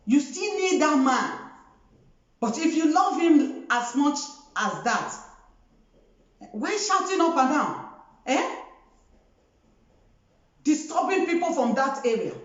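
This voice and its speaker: A woman's voice: sits high, very animated, slow pace, long pauses. A woman lecturing and scolding her viewers as a show host, often asking "Eh?". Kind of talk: scolding commentary monologue. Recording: echoey dull lo-fi room.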